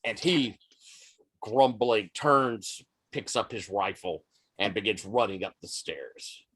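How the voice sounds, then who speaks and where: A man narrates a tabletop role-playing session in a relaxed, conversational way. His voice sits somewhat low, and he sets each scene before turning it over to the players. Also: slow, slightly rough. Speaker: game master.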